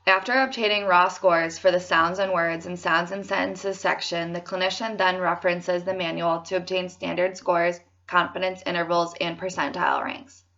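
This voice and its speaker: A woman clinician speaking slowly and distinctly, giving prompts for a child to repeat and then narrating. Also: lowish voice, vocal fry, fairly bright tone. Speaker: speech clinician giving a test. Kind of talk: slow, clear test prompts and narration. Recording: muffled, distant lo-fi recording.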